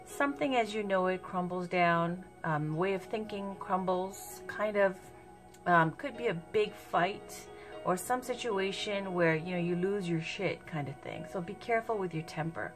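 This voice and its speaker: A woman speaks in an easygoing, conversational voice while she reads tarot cards. Her pace is relaxed, and she fills pauses as she thinks aloud. Music plays clearly underneath her voice. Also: fairly low pitch. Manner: chatty and unhurried, thinking aloud with fillers. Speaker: tarot reader. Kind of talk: casual spoken tarot reading.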